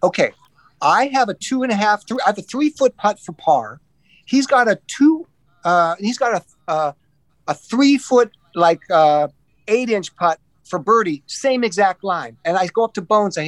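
This man's voice sits high as he spins casual golf tales at an ordinary pace, playing the parts of the people he describes. He keeps restarting his sentences, and the sound is dry.

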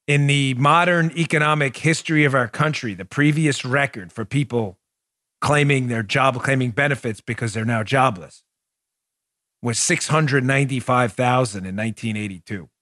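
A man's voice: mid-range voice, normal speed, pushed and bright, no room sound, clean studio sound. A man hosting a political podcast, talking emphatically and building to heated, repetitive points. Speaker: podcast host. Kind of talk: political commentary.

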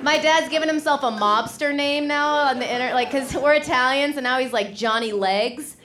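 A woman's voice: high-pitched, moderate pace, background noise. A woman from Illinois performing a stand-up set in a club, sardonic and mock-haughty in her delivery. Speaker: stand-up comedian. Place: comedy club stage. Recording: live club recording with audience laughter.

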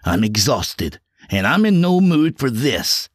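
Dude doing a pissed off doctor, husky, voice jumping all over, dry. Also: male voice, medium pitch, very animated, slow, no room sound, voice pushed up. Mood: indignant. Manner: indignant, snapping, cursing. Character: angry, frightened middle-aged male doctor.

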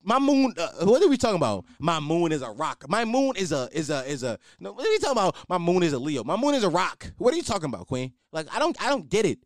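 A man's voice: sits high, very animated, quick pace, few pauses, no echo, studio quality. A man podcaster doing a comedic, profane rant, repeating himself as he riffs.

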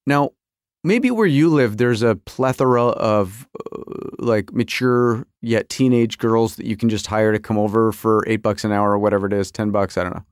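A man's voice: lowish voice, moderate pace, no room sound, clean studio sound. A middle-aged man hosting a podcast, telling a comic story about his marriage with exaggerated quoted voices. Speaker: podcast host.

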